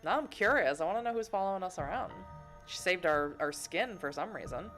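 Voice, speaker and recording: A woman's voice: lowish voice, animated, a little fast, a bit bright, faint music behind. A woman from Boston, streaming a video game, reads the story text aloud with playful, giggly asides to chat. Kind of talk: reading game text and chatting on a livestream.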